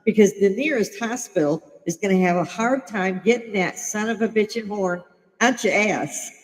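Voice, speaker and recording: On a rough recording made in a large hall, an older woman from Chicago chats on her livestream at medium pitch and a moderate pace. She's blunt and profane, full of opinions, and quick to laugh.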